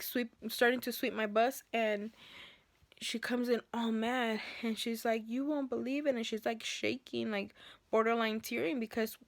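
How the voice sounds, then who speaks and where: A woman telling an unscripted story of a clash at work straight to camera. She talks heated and animated, addressing her viewers like a close friend. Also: fairly high pitch, gravelly, dry recording. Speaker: school bus driver.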